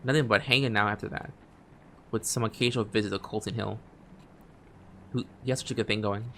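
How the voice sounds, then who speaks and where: Low-voiced man reading game text. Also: fairly even intonation, brisk, slight background noise. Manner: reads on-screen text aloud, stumbling and restarting phrases; drops quiet asides between read lines. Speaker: streamer. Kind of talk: gameplay commentary, reading game text aloud.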